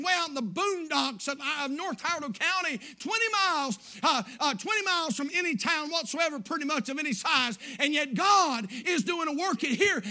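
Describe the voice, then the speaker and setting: A man preaching a sermon as pastor, moving from quiet storytelling to shouted praise. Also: very high voice.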